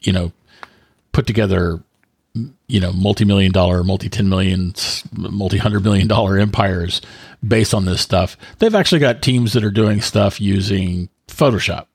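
A man's voice: low-pitched, moderate pace, gravelly, husky, no room sound, clean studio sound. A man hosting a podcast, chatting casually with a joking, teasing manner and reading his own sponsor spots. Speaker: podcast host.

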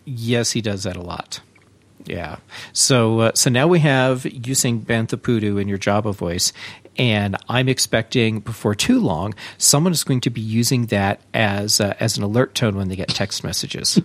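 A man hosting a tech podcast, talking in a relaxed, chatty way with frequent fillers. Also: on the low side, normal speed. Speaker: podcast host. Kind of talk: casual tech podcast talk.

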